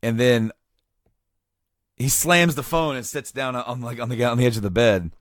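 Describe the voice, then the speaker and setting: A man's voice: medium pitch, normal speed, no echo, studio quality. A man co-hosting a podcast, telling a long funny story in casual chat, acting out the quotes and using lots of fillers. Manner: animated storyteller, acts out quotes with many fillers. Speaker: podcast co-host.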